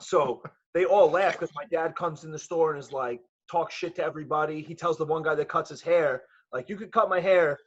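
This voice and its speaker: A middle-aged man, a jiu-jitsu gym owner telling a profane, animated story in casual chat. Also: on the high side, brisk, hardly any pauses. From New York. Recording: dull lo-fi audio.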